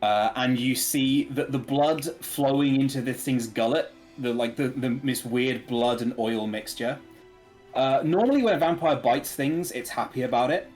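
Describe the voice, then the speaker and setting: A man narrating a tabletop game as game master, relaxed and hesitant, with many filler words. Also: medium pitch, normal speed, faint music behind. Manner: relaxed, hesitant with frequent ums.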